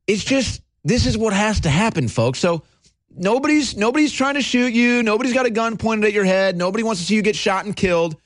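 A man's voice: a little fast, no room sound, clean studio sound, natural voice. A man voicing a condescending male bully who talks with mob-boss menace, repeating himself in a patronizing way. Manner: repetitive, patronizing, swooping pitch.

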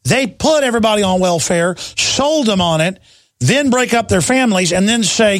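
A man's voice: high-pitched, animated, measured pace, a bit bright, no room sound. A man hosting a call-in talk radio show, ranting intensely and combatively into a studio mic.

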